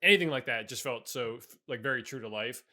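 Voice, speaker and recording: A young man co-hosts a podcast in a quick, bright voice. He rambles through his points with lots of fillers. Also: medium pitch. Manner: rambling, many fillers and restarts, laughs along. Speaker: podcast co-host. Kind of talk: casual podcast chat.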